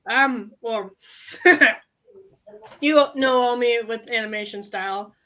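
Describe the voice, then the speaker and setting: Bright, lively woman podcast co-host. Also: on the high side, poor audio. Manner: animated and laughing, with quick asides. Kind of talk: casual chat.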